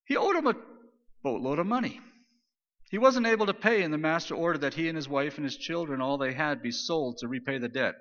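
A man preaching a sermon, retelling scripture in a casual, animated paraphrase. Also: fairly high pitch, a little fast. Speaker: pastor. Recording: dull lo-fi sound with long hall reverb.

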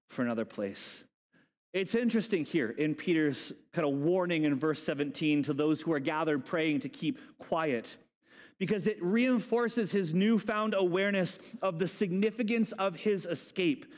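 Animated high-voiced male pastor preaching. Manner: animated, humorous, conversational. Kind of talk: sermon. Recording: long hall reverb.

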